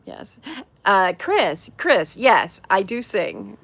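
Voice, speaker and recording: A woman's voice: a little high, sing-song, a little slow, vocal fry, fairly bright tone. A middle-aged woman from California hosting a casual livestream, chatting, laughing often and greeting viewers by name. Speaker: host.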